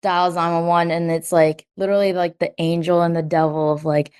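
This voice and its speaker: Young adult woman, low-ish pitch, chatty with constant "like", re-enacts quotes. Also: a little fast, clear, resonant tone. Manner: says "like" constantly, quotes herself and others in lively bursts. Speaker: guest. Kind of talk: personal story in an interview.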